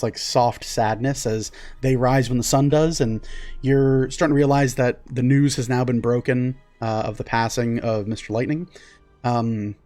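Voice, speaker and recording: A man running a tabletop game, narrating at an even middle pitch. He rambles with lots of fillers. Soft music plays underneath. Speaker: game master.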